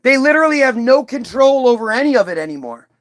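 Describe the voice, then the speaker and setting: Big pitch swings mark this video commentator's extremely high, somewhat bright voice, and he talks at a quick pace. The adult, who can recall early-2000s hits, rants profanely and heatedly to camera, rambling with many restarts and trailing asides.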